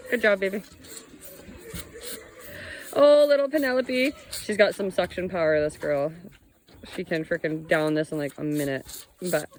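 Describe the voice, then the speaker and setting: A woman, chatting casually and excitedly in a vlog, recorded outdoors on a farm. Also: mid-range voice, a little hiss or hum. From Canada. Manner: chatty and exclamatory. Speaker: homesteader vlogger.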